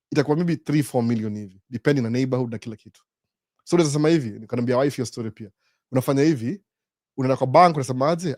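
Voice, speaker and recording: A man's voice: mid-range voice, no room sound, studio quality. A man, hosting a live Q&A and asking himself rhetorical questions as he explains. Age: 40s. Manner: mixes English and Swahili, rhetorical questions, animated. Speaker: host. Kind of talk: live Q&A talk.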